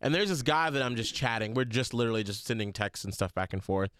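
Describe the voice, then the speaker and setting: A man's voice: mid-range voice, fast talker, clear, resonant tone, dry recording, clean studio sound. A man in his thirties, a radio morning show host, chatting casually on a podcast and acting out the quotes in his stories. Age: 30s. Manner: chatty, animated storytelling with acted-out quotes. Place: studio.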